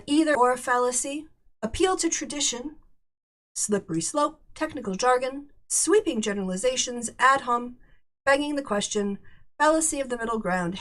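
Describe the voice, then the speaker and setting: A woman hosting a casual political livestream, chatty and halting. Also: a little high. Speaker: political commentary host.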